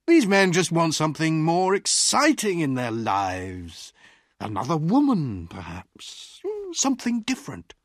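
Reader doing a scoffing skeptic, husky and slow, dry sound. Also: mid-range voice, wildly swooping pitch, dry recording, full character voice. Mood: dismissive. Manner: dismissive. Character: skeptical, dismissive man.

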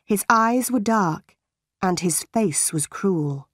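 Audiobook narrator: woman, slow and deliberate, mid-pitched, dry close sound. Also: lively intonation, dry recording. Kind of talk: scripted narration of a simplified novel.

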